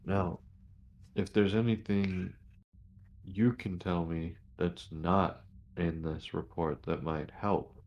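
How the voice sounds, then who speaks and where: Very low, slow man gaming in character, stops and restarts a lot. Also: steady tone, dull audio, slight background noise. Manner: halting, hesitant, many restarts and fillers. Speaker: player as station commander. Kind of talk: tabletop role-play, in character and narrating actions.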